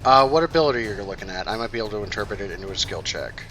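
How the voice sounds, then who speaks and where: Male DM, bright tone, relaxed rulings, light music bed. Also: lowish voice, rapid-fire. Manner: relaxed, laughs easily, rules calls on the fly. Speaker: game master. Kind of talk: running a tabletop game.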